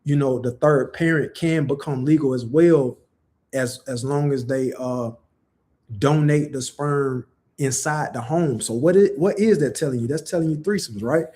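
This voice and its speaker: A man's voice: mid-range voice, normal speed, dark tone. A young man giving a casual religious commentary, talking conversationally with many rhetorical questions and "you know" fillers. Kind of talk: casual preaching monologue.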